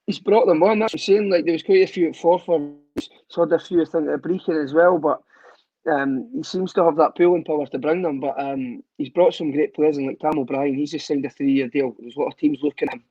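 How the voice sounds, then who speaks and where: A Scottish man, a footballer guest, telling lively, profane stories in a casual podcast chat. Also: a little high, fairly quick, no room sound, lo-fi sound. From Scotland. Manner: lively storyteller, swears, laughs often.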